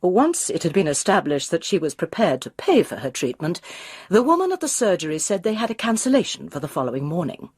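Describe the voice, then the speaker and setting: A woman narrates a crime novel in a measured, wry way. Her voice is husky and fairly low but moves lively in pitch, recorded dry and close. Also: no room sound. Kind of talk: reading a crime novel aloud.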